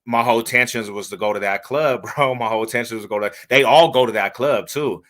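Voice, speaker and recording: A man hosting a podcast, telling stories in animated, slangy casual chat and laughing as he goes. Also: mid-range voice, fast talker. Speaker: podcast host.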